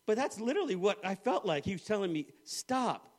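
Middle-aged male preacher, high voice, humorous storytelling sermon with acted-out quotes. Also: sing-song, a little fast. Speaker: pastor.

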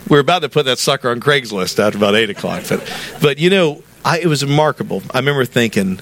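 A middle-aged Southern American pastor preaches a conversational sermon in a church sanctuary, building up to animated emphasis. He talks fast at a medium pitch, with a little hiss or hum in the audio.

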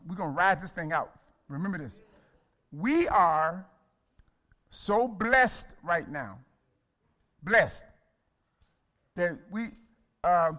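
High, bright-voiced male preacher. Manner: call-and-response preaching, addresses listeners by name; folksy, colloquial delivery. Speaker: pastor. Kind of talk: sermon.

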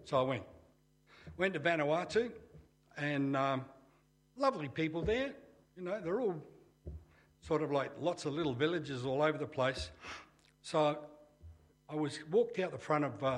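Older Australian man telling his testimony. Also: on the high side. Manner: plain-spoken, conversational, dry humor. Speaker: testimony speaker. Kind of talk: personal testimony storytelling.

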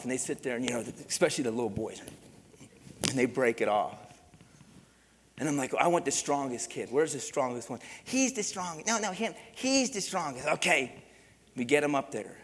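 A man's voice: medium pitch, a little hiss or hum. A man preaching a sermon as pastor, with emphatic repetition and direct calls to the congregation. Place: church sanctuary. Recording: long reverb of a church hall.

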